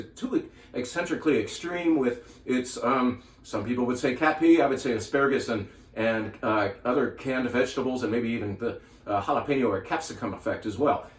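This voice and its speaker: A man's voice: mid-range voice, distant mic. A man hosting a casual video for his wine shop, chatty and enthusiastic, laughing at himself now and then. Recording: roomy echo, from off-mic.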